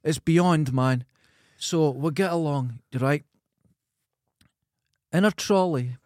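A middle-aged man with a Scottish accent, co-hosting a podcast and telling animated stories, acting out voices and swearing freely. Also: on the high side, slow pace, dry recording, clean studio sound. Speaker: podcast co-host. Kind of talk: casual chat.

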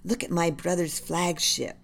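A woman's voice: lowish voice, fairly even intonation, a little slow, creaky. Woman reading as a proud British general. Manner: proud, formal speech. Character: proud British general, formal and romantic, man.

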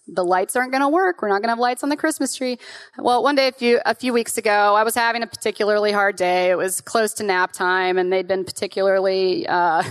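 A woman in her thirties giving an emotional personal testimony to a group, earnest and halting, with restarts and nervous laughs. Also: medium pitch. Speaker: guest speaker.

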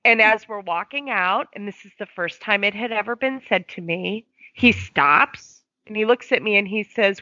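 A woman's voice: medium pitch, moderate pace, few pauses, no room sound, muffled recording. A woman, a foster parent, telling a story in conversation and acting out the quoted dialogue. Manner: lively, acts out quoted dialogue.

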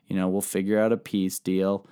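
A man's voice: low voice, level tone, moderate pace, mellow, smooth, lightly acted. A man voicing a hungover young prince who wakes up in chains and tries to play it cool. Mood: casual. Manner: mumbling, groggy, then playing it cool. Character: hungover captured young prince, groggy and sheepish.

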